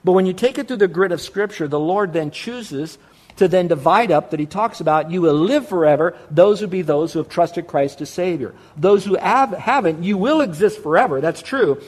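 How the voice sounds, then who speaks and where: A male pastor preaching with emphatic, repetitive stress on his points. His voice sits a little higher than most men's. He talks straight to the congregation. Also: expressive, moderate pace, a little mellow. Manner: emphatic preaching with repeated phrases. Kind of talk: sermon.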